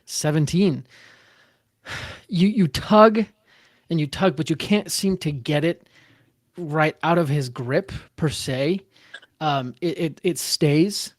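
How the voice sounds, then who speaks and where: A man's voice: a little high, slow, pauses often, no echo, clean studio sound. A man running a tabletop game as game master, talking with many hesitant fillers over a video call.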